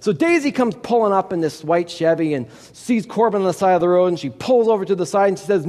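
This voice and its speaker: High-voiced, chatty male storyteller. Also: expressive, fast talker, hardly any pauses, warm tone. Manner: chatty, digressive, speaks to listeners. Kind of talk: oral storytelling performance. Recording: long hall reverb.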